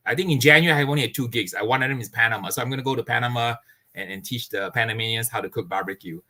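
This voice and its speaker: An earnest man with a bright, forceful voice talks expansively as an interview guest. He sits at a middle pitch and breaks into laughter now and then. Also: very fast. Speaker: barbecue pitmaster guest. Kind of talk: casual interview chat.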